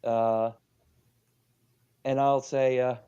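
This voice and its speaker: A man's voice: mid-range voice, level tone, very slow, dark tone, clear, resonant tone, no echo, dull audio. A man playing a tabletop game in a playful, jokey way. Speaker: player.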